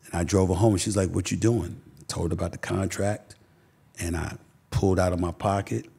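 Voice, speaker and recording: A man's voice: sits low, little pitch movement, fairly quick, vocal fry, mellow, slightly rough. A middle-aged man from Queens with a New York accent, a guest telling stories emphatically with many restarts. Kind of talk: podcast interview, storytelling.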